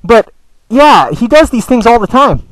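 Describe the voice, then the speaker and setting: A man's voice: very high-pitched, sing-song, a little slow, no echo, poor audio. A man ranting in a video blog, stammering and repeating words, swearing often, with an aggrieved, whiny tone. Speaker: video blogger. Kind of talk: ranting vlog monologue.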